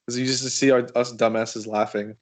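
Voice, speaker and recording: A young man in casual chat, chiming in excitedly with laughter. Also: mid-range voice, moderate pace.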